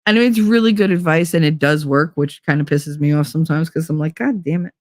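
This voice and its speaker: A woman's voice: low-pitched, steady tone, fast talker, no echo, studio quality. A middle-aged woman talking candidly in a rambling podcast monologue, acting out quotes and laughing often. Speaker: podcast host. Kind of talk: casual monologue.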